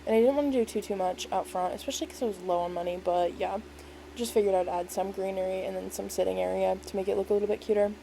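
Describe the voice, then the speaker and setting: Mellow-voiced woman rambling casually. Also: medium pitch, fairly even intonation, fast talker, vocal fry, a little hiss or hum, rough recording. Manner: rambling, filler-heavy, lots of "like" and "um"; self-deprecating, easygoing. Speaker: game build creator. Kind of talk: casual voice-over walkthrough.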